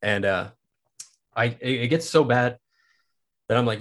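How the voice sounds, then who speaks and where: A man's voice: mid-range voice, unhurried, long pauses, fairly bright tone. A young man from Kansas, a podcast guest, telling a personal story in a casual, rambling way, full of filler words and swearing.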